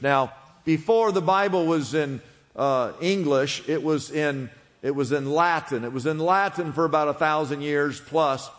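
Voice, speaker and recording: A man's voice: mid-range voice, big-room sound. A man preaching a sermon to a congregation, explaining a word and asking the people to repeat it after him. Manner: teaching, asks congregation to repeat words. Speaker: pastor.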